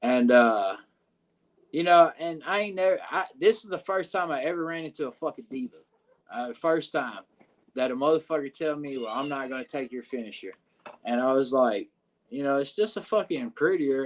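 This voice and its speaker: On a recording with a little hiss or hum, a Southern-accented wrestler tells a podcast interviewer a locker-room story at normal speed in a mid-range voice. He swears frequently and wanders, filling gaps with "uh" and "you know what I'm saying."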